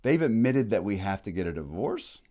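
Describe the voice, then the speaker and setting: A man giving a casual, animated history lecture, full of slang and quick acted-out asides. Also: lowish voice.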